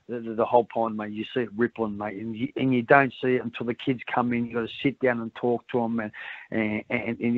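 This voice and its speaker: A man's voice: mid-range voice, creaky, dry recording. A middle-aged man with an Australian accent, talking candidly as an interview guest, rambling and repeating words as he says "mate" over and over. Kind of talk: candid conversation. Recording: dry tinny phone-like sound.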